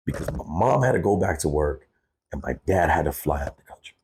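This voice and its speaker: Deep-voiced man telling a raw story. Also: animated, moderate pace, a little mellow, slight background noise. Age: 30s. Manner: candid, cursing freely, says "bro" often. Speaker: guest, hip-hop artist. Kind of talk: emotional personal storytelling.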